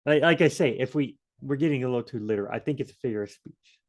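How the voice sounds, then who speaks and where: Man for a relaxed Bible study walkthrough, rambling and joking, average pitch. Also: quick pace. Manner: chatty, thinks aloud, joking asides.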